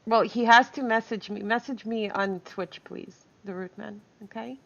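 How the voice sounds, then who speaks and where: A woman's voice: a little high, normal speed, vocal fry, fairly bright tone, highs cut off, a little hiss or hum. A woman streaming live, chatting casually with viewers, reading chat aloud and laughing often.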